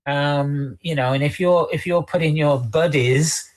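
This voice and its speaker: A co-host in casual talk-show chat, speaking haltingly with many repeated words and fillers. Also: mid-range voice.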